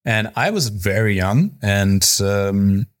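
Man, low voice, casual storytelling chat, laughs often, swears casually, chef co-host. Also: expressive, slow pace.

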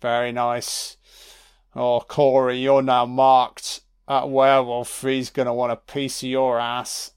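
Man, film commentary, sweary and sarcastic, slow-paced, smooth clear voice. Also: mid-range voice, completely flat delivery. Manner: sweary, sarcastic, reacting live.

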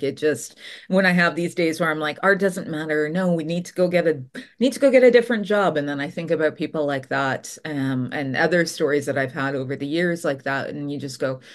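A woman from Canada, a potter, telling stories in a casual interview and acting out the voices of people she quotes. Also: low voice. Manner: animated storyteller, acts out quoted voices.

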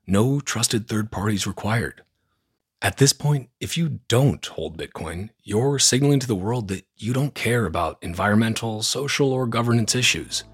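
Low husky-voiced man reading news. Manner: opinionated, sarcastic, blunt. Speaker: podcast host. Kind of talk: scripted news roundup.

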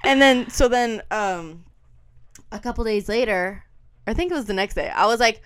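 A young woman co-hosting a podcast, telling a story in a casual, animated way and laughing often. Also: on the high side, moderate pace, clean tone, no room sound, clean studio sound. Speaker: podcast co-host.

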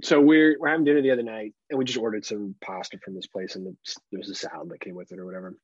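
A man's voice: fairly low pitch, fairly even intonation, racing, slightly rough, no echo. A man co-hosting a casual podcast, telling laid-back stories and swearing freely. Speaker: podcast co-host. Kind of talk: casual chat. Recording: dull lo-fi sound.

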